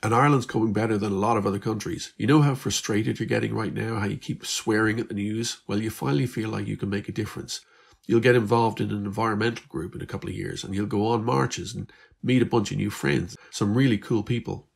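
A man's voice: fairly low pitch, steady tone, fast talker, gravelly, slightly rough. A man voicing Beth, an Irish teenage girl who is weary but hopeful, in a slightly raised, chatty, earnest voice. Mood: reassuring.

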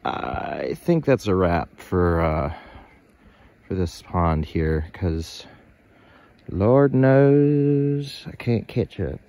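Fishing by a pond and lake in winter, a man narrates his outdoor vlog in a jokey, rambling way, muttering to himself between casts. His voice is low and dark-toned, and he sounds animated even though he speaks extremely slowly.

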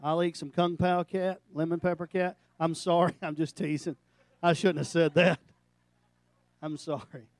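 A middle-aged male pastor giving a sermon, animated and storytelling, breaking into jokes. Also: a little high, moderate pace, dry recording.

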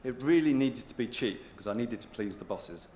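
A man giving a rehearsed pitch presentation in a hotel conference hall, stressing words in a deliberate, drawn-out way. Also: expressive, dark tone, slight background noise. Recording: echoey hotel hall with long reverb.

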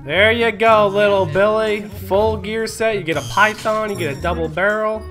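A man's voice: high voice, fairly even intonation, moderate pace. A man streaming a survival game, chatting crudely with other players as a mock shopkeeper giving away gear. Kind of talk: casual gameplay chat with other players. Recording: game audio with music playing behind.

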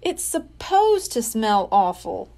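A woman's voice: a little high, very animated, takes it slowly, vocal fry, a little mellow, exaggerated voice. A woman reading aloud and voicing a sensible young boy who speaks earnestly.

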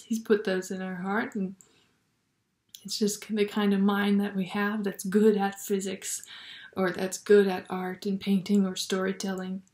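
A woman speaks in a slow, thoughtful way, sharing a spiritual reflection at an unhurried pace. Now and then her voice softens into a near-whisper. The recording carries a noticeable roomy echo. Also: mid-range voice. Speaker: Catholic video blogger.

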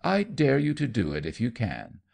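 A man's voice: medium pitch, huge pitch swings, normal speed, vocal fry, a little mellow, pitched above the performer's own voice, exaggerated voice. A man voicing a provocative society hostess who teases and dares. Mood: teasing dare. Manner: taunting, daring.

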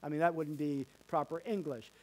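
A man's voice: on the high side, fairly even intonation, moderate pace, a little mellow. A male pastor preaching a sermon in a church, folksy and emphatic, with many fillers and repeated words. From Canada. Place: church sanctuary.

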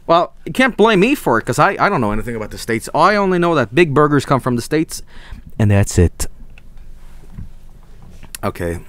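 A young man with a Swedish accent streaming a geography guessing game, thinking aloud, swearing and breaking into excited yelps. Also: a little high, moderate pace, long pauses, dry recording. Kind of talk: casual gameplay commentary.

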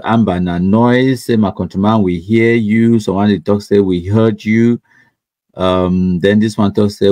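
A man's voice: on the low side, dark tone, no room sound. A man with a Cameroonian Pidgin English accent, hosting a livestream and reading out viewer comments in a chatty, mocking way, laughing often and repeating words. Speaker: livestream host.

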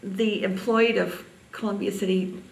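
An older woman from Indiana reminiscing in an oral history interview, halting often with ums. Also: mid-range voice, fairly even intonation, vocal fry, echoey room, distant mic, low-quality recording.

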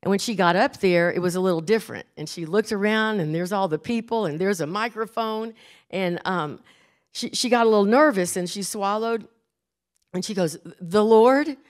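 An older woman preaching a sermon in church, earnest and emphatic, slowing down and repeating key phrases. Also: mid-range voice.

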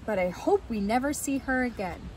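A shrill storybook mother bear, put on by a woman reading aloud, loud and fussy. The voice swoops up high. Traffic noise runs under the recording. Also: lively intonation, moderate pace, natural voice. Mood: relieved. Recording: noisy, with vehicle sounds.

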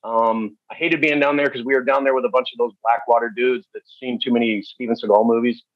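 A man speaking as a podcast guest, telling stories in a candid, halting way with many fillers. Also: medium pitch, steady tone, dry recording. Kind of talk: storytelling interview. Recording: dull, dry lo-fi recording.

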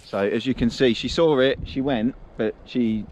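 This man's voice sits on the low side and is a little mellow; he's expressive and talks fast with few pauses. He rambles casually to viewers while his dogs roam a windy woodland, filmed on a handheld camera with wind and outdoor sounds throughout.

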